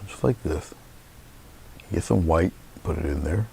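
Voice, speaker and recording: Male painting instructor, bass register, gravelly; easygoing live demo patter. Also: a little slow, long pauses, slight background noise. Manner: relaxed, chatty, thinking aloud.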